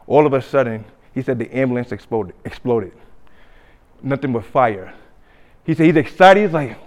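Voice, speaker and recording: A man preaching a sermon, telling a story with acted-out quotes and swings between loud and hushed delivery. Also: medium pitch, moderate pace, pauses often. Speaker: pastor.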